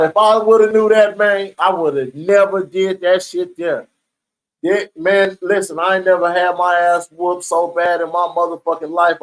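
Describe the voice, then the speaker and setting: On a low-quality recording, a man with a high voice recounts prison experiences in a casual, streetwise way. He curses freely and frequently checks in with "right?".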